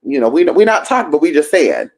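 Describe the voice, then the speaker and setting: A woman hosting a livestream, telling a story in a sassy, profane, animated way. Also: deep voice, fast talker. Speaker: livestream host.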